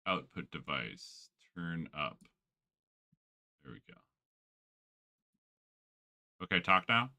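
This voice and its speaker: A man's voice: deep voice, big pitch swings, slow pace, creaky, long pauses, sharp tone, no echo. A man streaming a game, chatting casually with friends in a rambling, profane way and laughing often. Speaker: gaming streamer. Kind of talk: casual chat while gaming.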